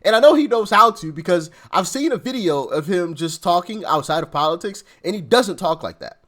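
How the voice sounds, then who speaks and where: A man's voice: sits high, lively intonation, brisk, a bit bright. A man hosting casual political reaction commentary, laughing and exasperated, talking in informal slang.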